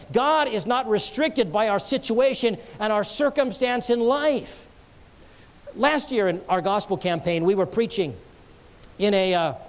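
A man with a high voice delivers a sermon. He preaches earnestly, tells stories and joins in with light jokes for the congregation.

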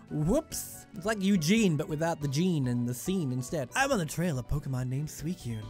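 Faint music sits behind a young let's play gamer whose fairly high, darkish voice has lively intonation. He rambles and jokes casually about the video game he's playing, keeping a moderate pace.

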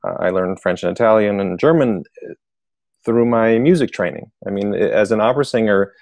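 A man's voice: fairly low pitch, brisk, gravelly, a little mellow, dry recording. A man, an author and interview guest, explaining his ideas thoughtfully with frequent fillers. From United States. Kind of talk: casual interview.

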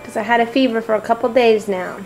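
A woman's voice: a little high, steady tone, fast, music in the background, lightly acted. A woman speaking for her teething seven-month-old baby girl in first person, in a home video. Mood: fussy, proud.

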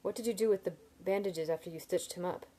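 A woman reading a novel aloud, voicing a level-headed young man student who speaks bluntly and in a measured way. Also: lowish voice, dark tone, lightly acted.

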